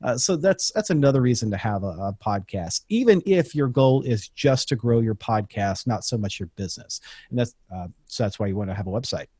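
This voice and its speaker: A man's voice: on the low side, animated, a little fast, darkish tone, breathy edge, no echo, studio quality. A man, a podcast director, explaining his advice casually as a guest on a podcast. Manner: conversational, explains with examples, frequent restarts. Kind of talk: casual interview talk.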